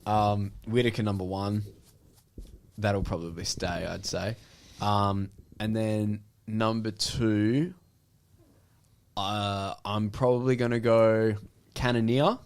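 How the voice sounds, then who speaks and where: A man's voice: on the low side, steady tone, takes it slowly, smooth. A man co-hosting a casual chat, thinking aloud with frequent ums. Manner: hesitant, trails off with ums.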